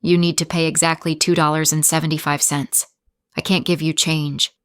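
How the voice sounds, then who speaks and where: A brisk male bus driver who asks short, matter-of-fact questions and has little patience, read by a woman. The voice is lowish and the recording is dry and close. It is a slow storybook for learners. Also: level tone, clean tone, dry recording, lightly acted.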